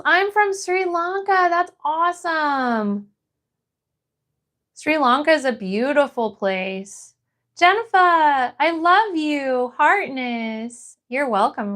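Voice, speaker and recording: A Florida woman hosts a laid-back livestream, reading out messages from viewers and answering them while she paints. Her voice sits high and a bit bright, with lively intonation and a slow pace.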